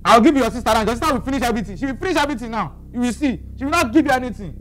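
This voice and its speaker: A man with a Nigerian accent playing a makeshift Santa in a comedy skit, loud, playful and rambling. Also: very high-pitched, expressive, racing, a little hiss or hum.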